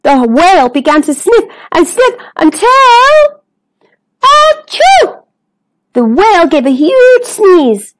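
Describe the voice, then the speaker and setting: A woman storyteller reading a children's picture book aloud with an expressive, sing-song delivery. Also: very high-pitched, a little slow, background noise.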